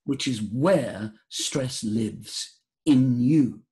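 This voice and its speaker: A man talking as a voice coach guest in a podcast interview, leading a breathing exercise in a theatrical, animated way. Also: drawn-out words. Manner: animated, theatrical, jumps high for emphasis.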